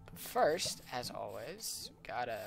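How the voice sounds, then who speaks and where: A man's voice: mid-range voice, big pitch swings, slow pace, vocal fry, fairly bright tone. A man doing let's play gameplay commentary, muttering to himself as he plays and letting out sudden yelps. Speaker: gaming channel host. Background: background music.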